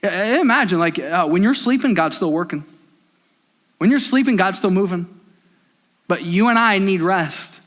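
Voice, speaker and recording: High-voiced man preaching with emphasis. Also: lively intonation, normal speed, long pauses, a bit bright. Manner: emphatic, repetitive preaching with rising intensity. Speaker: pastor. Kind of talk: sermon.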